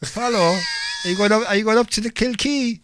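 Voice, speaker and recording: A man's voice: fairly quick, background noise, natural voice. A man putting on an overdone Limerick accent. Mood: teasing. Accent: put-on Limerick. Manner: mocking, high and loud.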